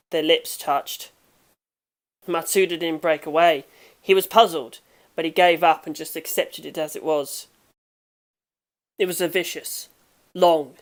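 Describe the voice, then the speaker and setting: Woman, audiobook narrator, low voice, steady measured reading.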